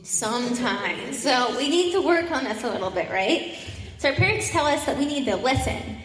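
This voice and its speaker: A woman's voice: high-pitched, animated, normal speed, a crowd in the background. A woman giving a children's message in church, upbeat and coaxing as she talks to young kids on a handheld mic. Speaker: children's sermon leader. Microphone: handheld microphone. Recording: echoey hall, faint room ambience.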